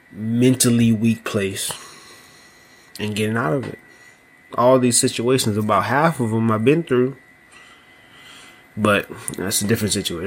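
Low-voiced man musing on a solo podcast. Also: a little hiss or hum. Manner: relaxed, rambling, frequent "you know what I mean"; slow, thoughtful delivery with small laughs. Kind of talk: casual solo podcast monologue.

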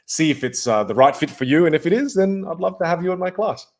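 A man's voice: a little high, lively intonation, fast talker, darkish tone. A man appearing as a guest voice coach in a podcast interview, speaking emphatically, like a coach. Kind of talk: interview conversation.

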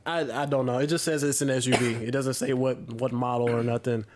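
A man's voice: mid-range voice, level tone, a little fast, slight background noise. A man co-hosting a casual podcast, laughing often and bantering profanely, with a sore throat. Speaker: podcast co-host. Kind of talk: casual chat.

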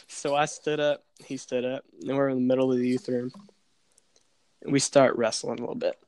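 A man's voice: mid-range voice, normal speed, smooth. Young man telling a story, laughing. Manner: animated, laughing, acts out voices in his stories. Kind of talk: casual storytelling chat.

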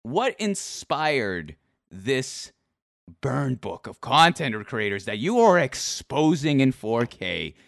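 Young male host, playful roaster, animated delivery, dry recording. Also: medium pitch, slow pace, gravelly, no room sound. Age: 20s. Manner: teasing, reads messages aloud with mock drama. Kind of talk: casual podcast chat.

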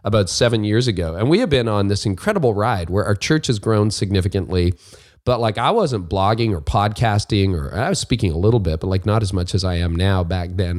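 Speaking in a voice on the low side that's a little mellow, this podcast host talks through his leadership show in a relaxed monologue. He's upbeat, chatty and quick to poke fun at himself.

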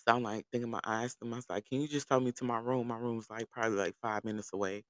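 A man telling a long personal story to his viewers in a loose, animated, profane way, laughing as he goes. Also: medium pitch, quick pace, dry recording. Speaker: vlogger. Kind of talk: casual storytelling.

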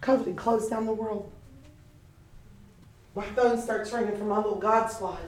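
An older woman preaching a sermon, telling lively stories with laughter in a preaching cadence. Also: medium pitch, a little slow, pauses often. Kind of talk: sermon with storytelling. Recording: echoey room picked up from a distance.

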